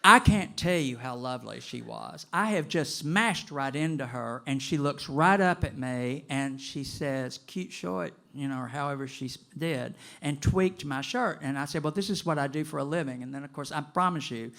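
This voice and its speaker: A man in his late sixties telling a personal story to a live audience, animated and gossipy, with dramatic pauses. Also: mid-range voice, vocal fry. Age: 60s.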